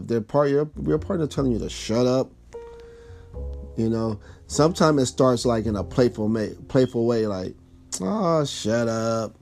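A man's voice: medium pitch, a little mellow. A man talking through relationship advice in a casual, rambling way, full of "you know" and "like".

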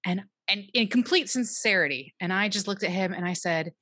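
A woman co-hosting a podcast, chatting casually and telling animated anecdotes with laughs. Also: mid-range voice, a little fast, no room sound, studio quality. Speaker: podcast co-host. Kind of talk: casual chat.

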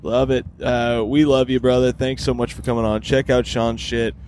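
A man's voice: mid-range voice, level tone, moderate pace, darkish tone, slight background noise. A man hosting a podcast in casual, rambling chat, laid-back and swearing freely. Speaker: podcast host, stand-up comedian.

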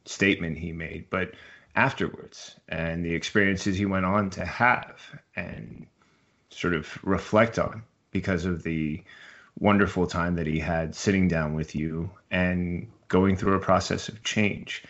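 A very low-voiced male interviewer reflects at an unhurried pace and tells stories to his guest. The recording sounds dull and lo-fi. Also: steady tone, a bit bright. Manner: measured, reflective, storytelling.

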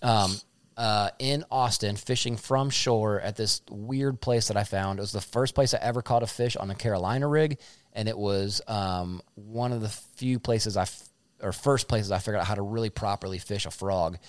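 A man's voice: fairly low pitch, normal speed, dry recording, studio quality. A man in his thirties co-hosting a casual chat, telling loose, joking stories in a rambling way. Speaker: podcast co-host.

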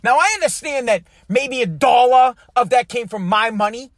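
A man, his voice strikingly high, rants bluntly and swears often. The recording is completely dry, with no room sound at all. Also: normal speed, dry recording. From United States. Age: adult. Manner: profane, blunt, heated. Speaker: speaker telling a personal story. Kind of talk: ranting monologue.

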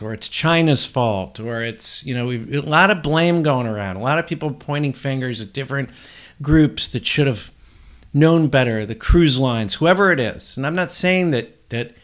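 A man hosting a solo podcast, rambling bluntly and swearing freely. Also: a little high. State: up before dawn, tired. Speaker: podcast host.

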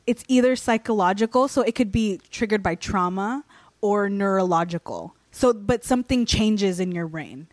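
A woman's voice: mid-range voice, expressive, normal speed, no room sound. A young woman telling a story in casual chat, rambling with many restarts and fillers.

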